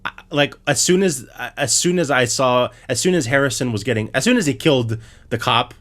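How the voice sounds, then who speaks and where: A man's voice: mid-range voice, a little fast, a bit bright. A man co-hosting a podcast, recapping a show in a profane, exasperated rant full of restarts. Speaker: podcast co-host.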